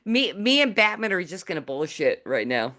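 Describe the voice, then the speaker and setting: A woman's voice: fairly low pitch, big pitch swings, normal speed, sharp tone. A woman hosting a talk show over a video call, playful and teasing, laughing often. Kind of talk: casual video call chat.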